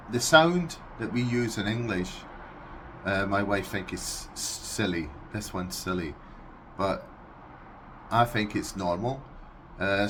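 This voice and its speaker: A Scottish man vlogging casually, unhurried and amused, breaking into animal noises. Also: lowish voice, fairly bright tone, slight background noise. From Scotland. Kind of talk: casual explainer vlog.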